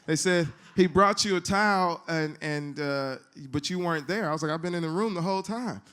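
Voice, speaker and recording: A man's voice: fairly high pitch, fairly quick, fairly bright tone, smooth. Man telling a joking church testimony. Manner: conversational, joking storytelling. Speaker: church speaker. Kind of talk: sermon testimony.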